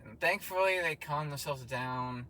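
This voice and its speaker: A man's voice: on the high side, unhurried, pushed and bright. A man co-hosting a casual movie review chat, sarcastic with crude jokes. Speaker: co-host.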